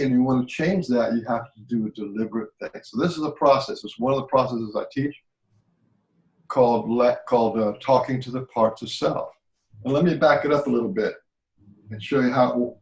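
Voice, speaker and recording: A man's voice: medium pitch, echoey room, low-quality recording. A man teaching a healing practice in conversation, earnest and repetitive, often checking that he is understood.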